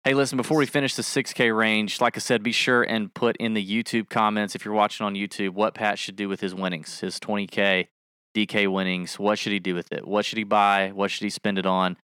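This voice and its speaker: A male podcast co-host with a lowish, clear, resonant, slightly bright voice talks a little fast in a flat delivery. He jokes casually about fantasy sports, rambling and correcting himself along the way, in a dry, clean studio recording.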